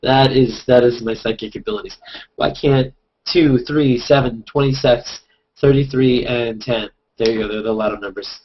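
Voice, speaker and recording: Man, host, husky voice, playful rambling chatter, lo-fi webcam call audio. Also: medium pitch, steady tone, normal speed. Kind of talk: casual group video chat. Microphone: webcam over video call.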